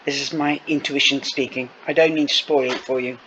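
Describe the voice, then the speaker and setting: A man's voice: mid-range voice, steady tone, brisk. A man reading a novel aloud, stopping for chatty asides to his listeners. Dull lo-fi recording with faint noise. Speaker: reader.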